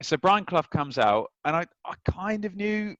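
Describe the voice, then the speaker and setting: A man in his thirties from England, a guest telling anecdotes with lively retelling. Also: sits high, moderate pace, no room sound, lo-fi sound. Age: 30s. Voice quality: lively storyteller who acts out scenes. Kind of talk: anecdotal chat.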